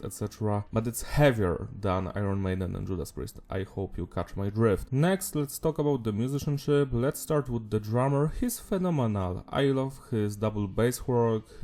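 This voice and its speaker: A man's voice: on the low side, mellow. A man reviewing a metal album in a casual, enthusiastic way, gushing with praise. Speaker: music reviewer.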